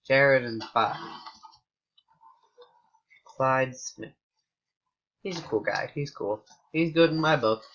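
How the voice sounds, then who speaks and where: An American man chatting through a game in loose, rambling tangents. His voice is bright and forward, with a mid-range pitch, and the home mic sounds slightly dull. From United States. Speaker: gaming YouTuber. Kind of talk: casual gameplay commentary.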